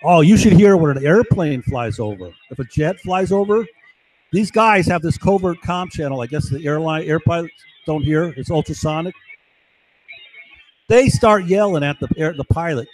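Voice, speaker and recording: A man's voice: on the high side, expressive, moderate pace, a little mellow, rough recording. A man delivering an agitated, profane monologue full of accusations. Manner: ranting, profane, accusatory outbursts.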